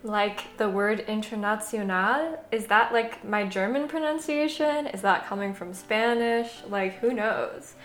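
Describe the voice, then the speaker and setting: A woman's voice: medium pitch, fairly bright tone, soft background music. Chatty American woman in an echoey room. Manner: chatty, laughs often, reads French aloud slowly. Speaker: podcast host. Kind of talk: casual language-learning vlog.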